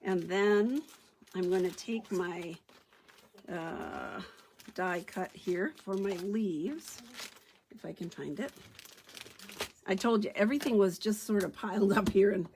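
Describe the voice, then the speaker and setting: A woman's voice: medium pitch, slow pace, long pauses, darkish tone, a little hiss or hum. A woman giving a chatty card-stamping tutorial, thinking aloud as she works. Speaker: stamping demonstrator. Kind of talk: craft tutorial demo.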